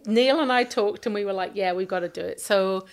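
A woman's voice: mid-range voice, fairly quick. A woman with a British accent, a theater company director telling a story in a casual interview and acting out emails and conversations. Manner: chatty storyteller, acts out emails and dialogue.

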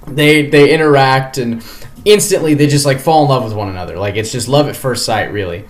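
A male podcast co-host telling a story at an ordinary mid pitch. He rambles through it in loose, casual chat, full of fillers and restarts. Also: fairly quick.

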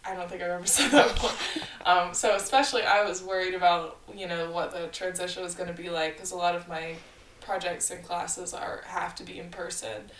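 A woman's voice: lowish voice, steady tone, fairly quick, far from the mic. A young woman talking casually, chatty and laughing often, with lots of fillers. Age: young adult. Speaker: co-host. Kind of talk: casual chat. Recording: roomy sound, faint background noise, a little off the mic.

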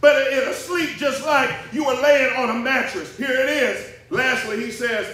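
A man preaching a sermon as pastor, with rhythmic call-and-response phrasing that rises to shouts, in a church sanctuary. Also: very high-pitched, moderate pace, hardly any pauses. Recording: echoey church hall, mic at a distance. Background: congregation responding.

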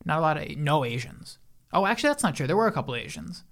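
A man's voice: fairly high pitch, big pitch swings, fast talker, vocal fry, a bit bright. A man co-hosting a podcast in casual chat, rambling, swearing and laughing often. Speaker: podcast co-host.

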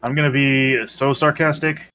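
A man's voice: mid-range voice, level tone, normal speed, sharp tone, a little hiss or hum. A man playing a tabletop game, eagerly reading out a new ability. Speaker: player. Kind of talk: casual chat during a tabletop game.

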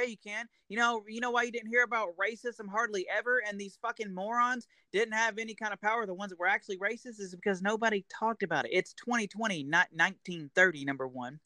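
Man, podcast co-host, emphatic rant, casual and profane, high pitch, dry close sound. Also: fast, few pauses, bright, forceful tone, no room sound. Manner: emphatic, insistent ranting.

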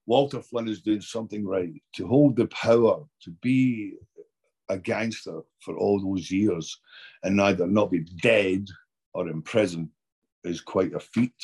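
A man's voice: fairly low pitch, a little slow, a little mellow, breathy edge. A Scottish man chatting as an actor guest in an interview, rambling and often restarting his sentences. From Scotland. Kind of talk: casual interview chat.

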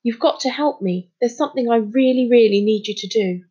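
A woman's voice: on the high side, a little fast, breathy edge, dull audio. A woman doing an urgent young boy. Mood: determined. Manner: pleading, forceful.

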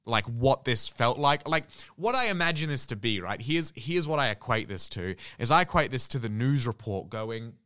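A man's voice: mid-range voice, fairly bright tone, clean tone, dry recording, studio quality. A man co-hosting a podcast in casual chat, rambling enthusiastically with lots of restarts. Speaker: podcast co-host.

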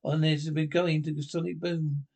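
A man's voice: fairly high pitch, little pitch movement, moderate pace, darkish tone. An actor playing a hearty, bossy male leader of an off-road club, barking orders at his cameraman. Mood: gung-ho.

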